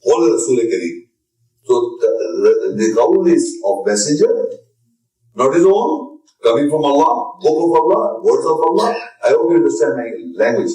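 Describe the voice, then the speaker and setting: Man, insistent religious lecturer, slightly high voice, recorded from afar in a reverberant room. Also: sing-song, moderate pace, mellow. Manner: insistent, repetitive, emphatic. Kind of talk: religious lecture with audience questions. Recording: echoey room, distant mic.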